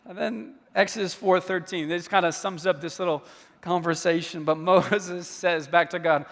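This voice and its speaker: High-voiced pastor preaching in a hall. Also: male voice, moderate pace. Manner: animated, acts out dialogue with rising emphasis. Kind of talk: sermon. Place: church sanctuary. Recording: long hall reverb.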